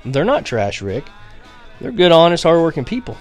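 A man voicing a quiet, dignified old grandfather who speaks in a measured, firm way, in an audiobook reading. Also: mid-range voice, soft background music, lightly acted. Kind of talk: audiobook character voice.

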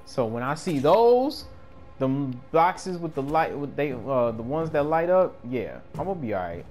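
A man giving casual gameplay commentary in slangy speech, swinging between yelling and mumbling. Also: fairly high pitch, very animated, a little slow. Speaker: gamer. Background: game music.

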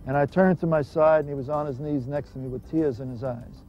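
A man's voice: a little high, fairly even intonation, a little fast, soft background music. A man giving an earnest, emphatic personal testimony. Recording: dull lo-fi recording with faint hiss.

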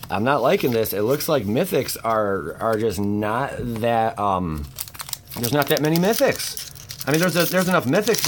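A young man giving casual, jokey commentary as he opens card packs, breaking into sudden loud exclamations. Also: mid-range voice, a little hiss or hum. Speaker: channel host opening card packs. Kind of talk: casual pack-opening commentary.

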